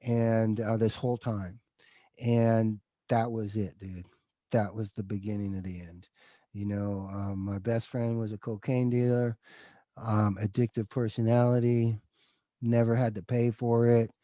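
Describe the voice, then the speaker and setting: A middle-aged man speaks as an interview guest, open and emotional, and he keeps saying dude. His voice is mellow and dark, and the recording is dry and close. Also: fairly low pitch, flat delivery, measured pace, dry recording, highs cut off. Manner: emotional, confessional, says dude often. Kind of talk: candid interview storytelling.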